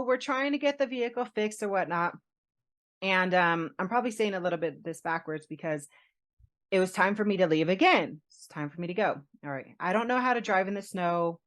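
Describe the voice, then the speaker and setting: A woman podcast co-host telling a personal story in casual chat, animated, laughing often and acting out what others said. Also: medium pitch.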